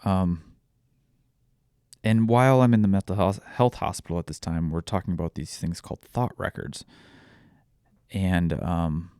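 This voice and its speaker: A young man with a very low voice speaks candidly about his own life, swearing freely and restarting sentences as he works through it. The sound is close and dry, with no room around him. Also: steady tone, dark tone, clear, resonant tone, no echo. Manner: frank, swears often, halting restarts. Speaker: podcast host. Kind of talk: candid personal storytelling.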